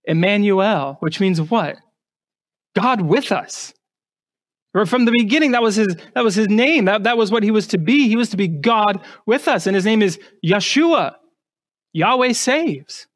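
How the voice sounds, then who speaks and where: A man's voice: high voice, lively intonation, a little fast, few pauses. A male pastor preaching an emphatic sermon, putting rhetorical questions to his congregation and often repeating words as he starts a phrase.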